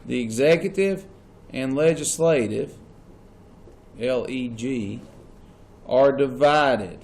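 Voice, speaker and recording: A man's voice: mid-range voice, slow pace, a little mellow. A man teaching a classroom lesson. He keeps asking the class questions and repeats the key points. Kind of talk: classroom lecture.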